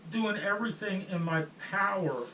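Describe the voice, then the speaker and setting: A man telling a first-person story in a halting way, often restarting and trailing off mid-sentence. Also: high-pitched, sharp tone. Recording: roomy echo, distant mic, faint room noise.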